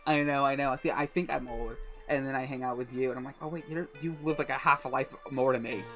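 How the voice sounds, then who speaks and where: A man's voice: mid-range voice, fairly even intonation, fast talker, fairly bright tone, soft background music. A man hosting a game stream, chatting casually with friends and teasing them between bursts of laughter. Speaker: streamer host. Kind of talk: casual chat while playing.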